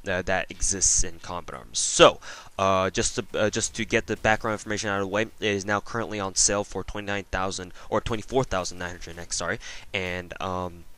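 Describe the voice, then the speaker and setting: A man's voice: low-pitched, fairly even intonation, brisk, bright, forceful tone. A man giving a casual video game review voice-over, rambling with lots of fillers and self-corrections.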